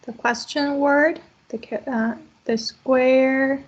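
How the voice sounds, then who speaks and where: A woman teaches an online language class in a high, slightly husky voice, taking her time and checking in with students after each point. The video call audio is muffled and lo-fi. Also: fairly even intonation, takes it slowly. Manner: patient, explains step by step with many okays.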